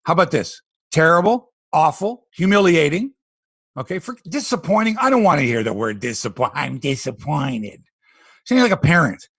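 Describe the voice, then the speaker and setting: A middle-aged man hosts a sports podcast with a gravelly, husky voice that swings widely in pitch. He talks in an animated, sarcastic way and slides into rants. The sound is dry and close. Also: normal speed, no room sound. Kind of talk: casual sports podcast chat.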